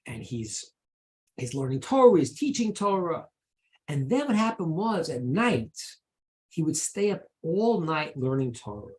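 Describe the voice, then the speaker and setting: A middle-aged man, a rabbi, teaching over a video call in a lively, emphatic way, often repeating words as he goes. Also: on the high side.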